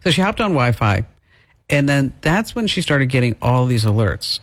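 Talk show host guy, lively up and down voice, asks lots of questions, dry close mic. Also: mid-range voice, normal speed, dry recording. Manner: reacts and steers the guest with questions.

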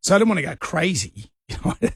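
A man's voice: high-pitched, sing-song, a little fast, gravelly, breathy edge, dry recording, clean studio sound. A middle-aged Australian man hosting a radio show, telling a rambling story in casual chat. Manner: rambling anecdotes with laughs. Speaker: radio host.

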